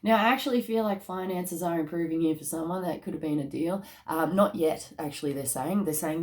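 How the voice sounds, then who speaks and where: Woman, tarot reader, lowish voice, chatty, excitable, slangy delivery. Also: fairly quick, hardly any pauses. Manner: bursts into laughter and excitement. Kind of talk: casual spoken card reading.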